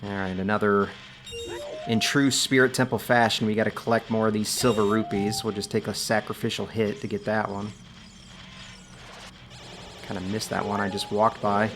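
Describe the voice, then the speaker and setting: A man hosting a video game let's play, giving relaxed, chatty commentary full of filler words. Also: fairly low pitch, normal speed, pauses often, over music. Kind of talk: casual gameplay commentary.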